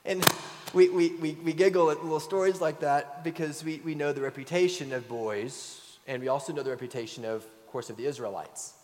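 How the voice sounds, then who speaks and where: Middle-aged pastor, long church reverb. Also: male voice, a little high, fairly even intonation, moderate pace, darkish tone. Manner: earnest storytelling, emphatic scripture reading. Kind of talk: sermon. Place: church sanctuary.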